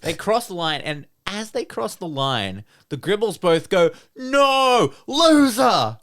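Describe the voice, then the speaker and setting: Relaxed Australian man recapping. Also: on the high side. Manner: relaxed storytelling recap with frequent "um" pauses. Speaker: podcast co-host. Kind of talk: casual recap chat.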